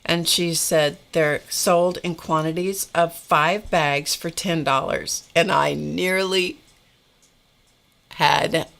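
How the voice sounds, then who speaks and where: A woman's voice: sits low, steady tone, slow, vocal fry, fairly bright tone. A middle-aged woman hosting a live stream, telling a story in a wry, exasperated way with frequent laughs. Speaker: host of a live art stream. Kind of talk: casual storytelling chat.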